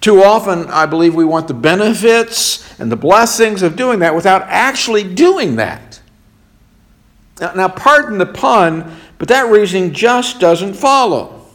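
Slow, high-voiced male preacher. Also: expressive, fairly bright tone. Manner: slow, earnest preaching with rhetorical questions. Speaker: pastor. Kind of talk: sermon.

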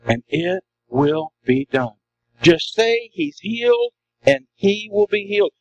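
High, lively-voiced preaching man. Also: slow pace, highs cut off. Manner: emphatic preaching with rhetorical questions, swinging pitch. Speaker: pastor. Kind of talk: sermon.

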